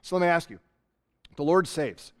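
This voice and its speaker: A man preaching a sermon, telling a story in an animated way and acting out the voices. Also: on the high side, normal speed. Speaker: pastor.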